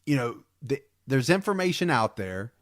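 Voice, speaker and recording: A man's voice: mid-range voice, big pitch swings, moderate pace, no room sound. A man co-hosting a podcast in an easygoing chat, his mid-range voice close and dry. He rambles, circles back, and restarts sentences with eager energy. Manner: rambling, repeats words, enthusiastic. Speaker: podcast co-host.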